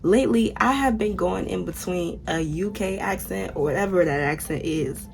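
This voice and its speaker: A woman's voice: fairly low pitch, moderate pace, creaky, soft background music. A young American woman chatting casually to her viewers while unboxing and fitting a wig. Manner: chatty, talks straight to viewers with "y'all". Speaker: vlogger.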